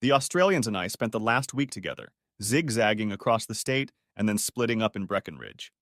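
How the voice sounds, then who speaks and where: A man reading a first-person story audiobook as narrator, with steady storytelling. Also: lowish voice, brisk, dry recording, clean studio sound.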